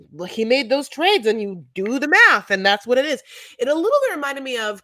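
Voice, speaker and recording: A woman's voice: a little high, fairly bright tone, no echo, studio quality. A woman in her forties co-hosting a podcast, chatting casually in a rambling, digressive way with frequent swearing. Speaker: podcast co-host. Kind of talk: casual chat.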